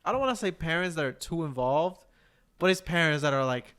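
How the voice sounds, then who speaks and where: Smooth-voiced young man ranting. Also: fairly high pitch, expressive, fairly quick, a bit bright. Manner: exasperated ranting with slang and swearing. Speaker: podcast guest. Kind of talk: casual chat.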